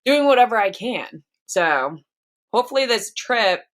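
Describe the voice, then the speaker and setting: A pregnant woman with a fairly high, expressive voice co-hosts a podcast, speaking slowly. Her casual chat rambles, full of restarts and fillers.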